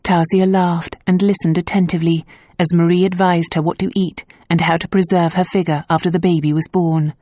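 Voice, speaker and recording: Woman narrating an audiobook, dry close sound, measured storytelling. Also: lowish voice, little pitch movement, mellow, no room sound. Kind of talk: scripted narration.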